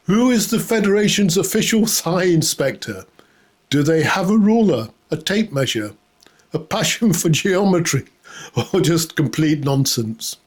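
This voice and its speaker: Guy doing a sarcastic comedy rant, kinda high-pitched, mock outrage, keeps cracking himself up. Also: lively intonation, unhurried, husky. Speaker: comedy host. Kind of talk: satirical comedy monologue.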